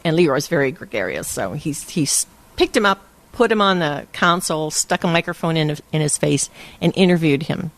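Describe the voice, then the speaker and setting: An older woman from Hawaii telling lively stories in a casual interview and laughing often. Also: sits low, moderate pace, hardly any pauses. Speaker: interview guest. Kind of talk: casual storytelling.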